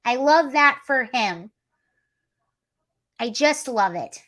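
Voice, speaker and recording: A woman's voice: high voice, takes it slowly. A woman hosting a live online show, chatting casually through commentary and reacting to viewer comments. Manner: chatty, animated, reads chat comments aloud. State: allergies, coughing and sneezy. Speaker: livestream host. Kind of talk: casual political commentary livestream.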